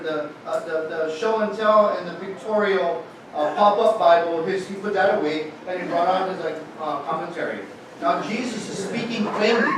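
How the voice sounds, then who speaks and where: A man preaching a sermon as pastor, lively and joking, with many restarts, in a church hall. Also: high-pitched, a little slow. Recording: echoey hall from far off with noise.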